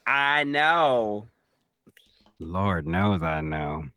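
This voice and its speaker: A man's voice: lowish voice, very animated, very slow, sharp tone, dry recording. A man co-hosting a podcast in casual chat, teasing and sassy in his banter. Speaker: podcast co-host.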